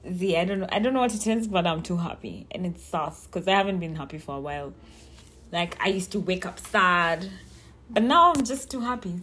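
A young woman hosts her own podcast, talking straight to her listeners in a loose, chatty way. Her voice sits a little low for a woman, and she drifts from thought to thought and corrects herself mid-sentence. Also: slightly rough. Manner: chatty, rambling, self-interrupting. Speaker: podcast host. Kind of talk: casual solo podcast chat.

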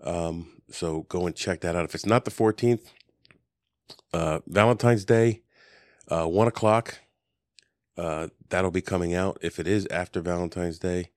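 A man with a very low voice hosts a laid-back podcast, rambling along and cracking dry jokes between frequent ums. His voice is close and dry on a desk mic, with no room sound. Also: a little slow, darkish tone, no room sound. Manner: rambling, jokey, lots of ums. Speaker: podcast host. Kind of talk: casual chat.

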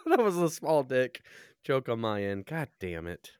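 A foul-mouthed man hosts a podcast with a sore throat, and his pitch leaps all over as he talks. His voice is smooth and clean, recorded close and dry. He laughs a lot and swears constantly. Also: very animated, a little slow, darkish tone, dry recording. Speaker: podcast host. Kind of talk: crude casual chat.

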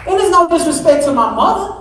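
A woman's voice: very high voice, lively intonation, fast talker, background noise. A middle-aged woman, a pastor's wife, preaching a Mother's Day sermon in a conversational, emphatic way with lots of repetition. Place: large church sanctuary. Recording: echoey church sanctuary, distant mic.

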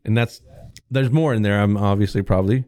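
A man co-hosting a casual podcast, steering the talk with questions and often saying "okay". His voice is low-pitched and dark. The sound is dry and close to the mic. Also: brisk, no echo. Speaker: podcast co-host. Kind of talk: casual chat.

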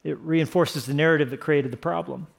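A man's voice: a little high, brisk, gravelly. A man preaching a sermon as pastor, passionate and emphatic, building to fervent peaks. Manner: impassioned, rising to emphatic peaks.

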